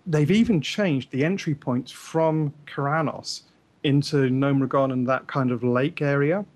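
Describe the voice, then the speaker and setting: A man co-hosting a casual gaming chat, explaining things enthusiastically while pausing often with fillers. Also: fairly high pitch.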